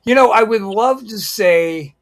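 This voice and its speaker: A man with a fairly high voice tells wrestling stories in casual podcast chat. He is animated and acts out the characters in his anecdotes. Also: unhurried. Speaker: podcast co-host.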